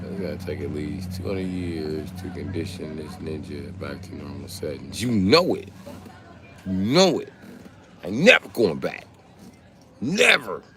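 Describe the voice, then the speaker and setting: A man's voice: a bass voice, very animated, measured pace, sharp tone, slight background noise. A man chatting casually on a livestream, reading comments and trading crude, joking banter with his viewers. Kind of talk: casual live stream chat. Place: South Carolina.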